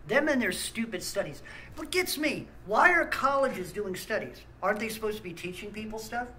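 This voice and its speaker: A man's voice: sits high, lively intonation, moderate pace, pushed and bright, slight background noise, rough recording. A man, host of a small ministry channel, ranting angrily with blunt talk and stammered restarts. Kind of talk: angry ranting monologue.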